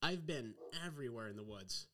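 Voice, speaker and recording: A man's voice: medium pitch, fairly quick, slight background noise. A young man casually telling a road-trip story, leaning on "like" and acting out the people he quotes. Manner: animated storyteller, acts out quotes, heavy use of "like". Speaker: podcast guest.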